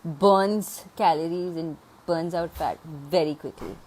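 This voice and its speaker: A woman's voice: low-pitched, slow pace, poor audio. A woman chatting on a casual live stream from home, often slipping into coaxing baby talk for her pet dog. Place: at home by the rain. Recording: steady rain noise behind.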